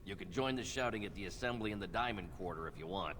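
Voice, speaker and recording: A snarky dwarf commoner in a video game, very low and gravelly-toned, curt and dismissive. His lines sit over clear background noise from the game audio. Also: fast talker, a bit bright. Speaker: game character.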